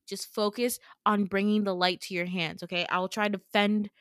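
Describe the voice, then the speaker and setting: A woman voicing a brash young male student mage, talking low and urgent. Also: level tone, moderate pace, a bit bright, no room sound, studio quality, close to an everyday voice. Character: young man, a brash shadow-casting student.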